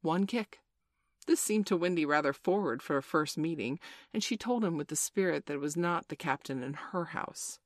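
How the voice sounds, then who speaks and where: Expressive woman reading a storybook aloud. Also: low-pitched, moderate pace, dry recording, clean studio sound. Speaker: narrator.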